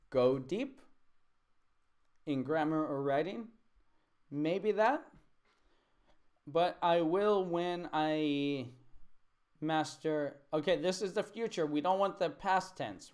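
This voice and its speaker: A man's voice: a little high, darkish tone. A man teaching a live English lesson, patiently repeating words and correcting student sentences.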